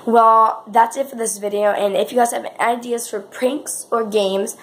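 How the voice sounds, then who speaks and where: A woman's voice: on the high side, fairly even intonation, measured pace, slight background noise. A woman talking in a casual vlog, chatty and rambling, calling out to her viewers again and again. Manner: chatty, says "guys" constantly, rambling with restarts. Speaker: vlogger.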